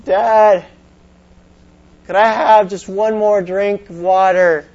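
A man's voice: moderate pace, muffled recording, lightly acted. A man putting on a whiny little boy. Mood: pleading. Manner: whiny, pleading, high and raised. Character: small boy pleading to stay up at bedtime.

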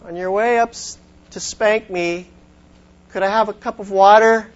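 This is a small boy who refuses to go to sleep, begging in a high, whiny voice, done by a man telling a story in a sermon. His lines come out raised and insistent. The recording is dull and lo-fi. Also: steady tone, measured pace, slight background noise. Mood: pleading. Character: small boy pleading to stay up at bedtime.

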